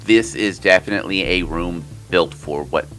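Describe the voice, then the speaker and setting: Brief: very low-voiced man, game master, calm and measured, light music behind. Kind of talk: running a tabletop game.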